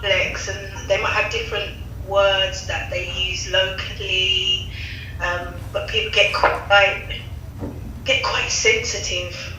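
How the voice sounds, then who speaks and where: A caller from London with a Cockney accent, chatting in a relaxed, friendly way. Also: medium pitch, takes it slowly. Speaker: caller getting a reading. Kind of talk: casual chat. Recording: distant, very echoey, faint noise.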